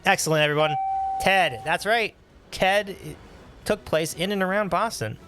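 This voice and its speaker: A man hosting a casual livestream, reading and answering chat with upbeat, animated talk and frequent laughs. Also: high-pitched, measured pace, over music. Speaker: livestream host.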